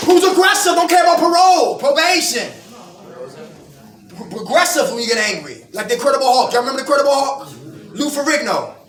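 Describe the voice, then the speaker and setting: A man's voice: very high voice, animated, fast, crowd noise. A middle-aged man giving a preaching-style recovery talk, firing call-and-response questions at his audience. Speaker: recovery group speaker. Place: indoor meeting room with an audience. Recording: echoey room, voice from far off.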